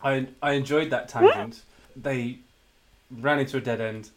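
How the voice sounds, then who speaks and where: A man's voice: medium pitch, unhurried, background noise. A man casually telling a true-crime story to two co-hosts in a podcast chat.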